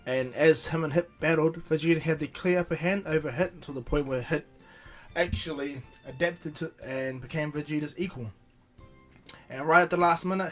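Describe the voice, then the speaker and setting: A man casually telling an improvised fan story, rambling with restarts. His voice sits fairly high for a man, and faint music runs underneath.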